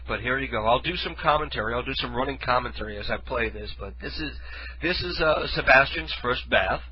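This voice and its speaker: A man's voice: mid-range voice, brisk, husky, muffled recording. A man hosting a radio show, telling a rambling story in casual chat and correcting himself as he goes. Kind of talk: casual storytelling with running commentary.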